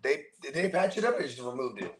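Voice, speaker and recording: A man's voice: medium pitch, sing-song, brisk, crowd noise. A man from the Bay Area, co-hosting a casual show and telling stories in loose, profane slang. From San Francisco Bay Area. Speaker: podcast co-host. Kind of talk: casual chat.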